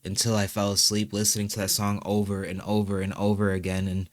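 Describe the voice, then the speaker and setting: A young man with a lowish voice talks about his life in a personal interview. His speech halts often, full of fillers and restarts as he searches for words. The sound is close and dry, with no room echo. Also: monotone. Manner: halting, with many fillers and restarts. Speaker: musician and channel host being interviewed.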